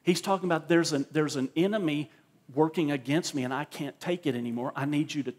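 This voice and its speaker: A man's voice: fairly high pitch, brisk. A male pastor preaching a sermon at a church service, emphatic and repeating words as he drives his points home.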